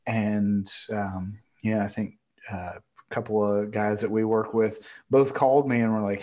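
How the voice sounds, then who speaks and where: A middle-aged man in a casual conversation, talking in a halting way and getting choked up as he recalls a loss. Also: fairly low pitch, steady tone, a little mellow. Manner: halting, emotional, gets choked up.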